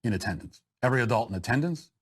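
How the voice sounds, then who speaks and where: A man speaking vehemently and deliberately in commentary from a played clip. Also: medium pitch, lively intonation, breathy edge.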